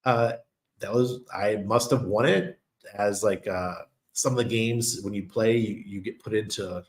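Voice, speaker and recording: A man's voice: on the low side, a little slow. A man with a New York accent talking casually to his viewers, telling stories and laughing often. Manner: chatty storyteller, laughs often. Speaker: crypto channel host. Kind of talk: casual monologue.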